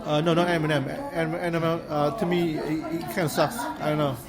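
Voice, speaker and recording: Halting man drowned by a loud restaurant crowd. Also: on the high side, level tone. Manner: short halting answers. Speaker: podcast guest. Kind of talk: casual chat. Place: Korean restaurant.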